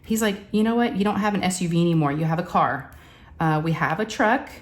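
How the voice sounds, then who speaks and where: A woman's voice: on the low side, quick pace. Chatty woman telling a story. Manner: animated, acts out quotes, says y'all. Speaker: crafting vlogger. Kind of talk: casual storytelling chat.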